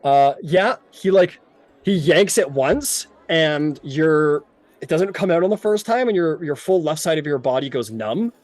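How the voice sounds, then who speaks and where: Game master guy, slightly high voice, loose rambly narration. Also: animated, a little slow, darkish tone, no echo. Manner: loose, filler-heavy storytelling.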